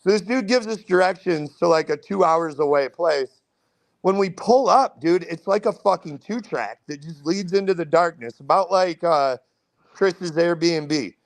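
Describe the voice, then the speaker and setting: A young man casually telling a long, profane story as a podcast guest, rambling and animated. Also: fairly high pitch, measured pace.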